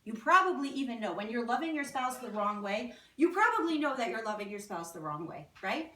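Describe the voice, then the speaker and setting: A woman's voice: a little high, big pitch swings, brisk, fairly bright tone. A woman giving a talk to a live audience as a guest speaker, often asking the crowd questions. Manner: engaging, asks the audience questions. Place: event hall with audience. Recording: echoey hall, distant mic.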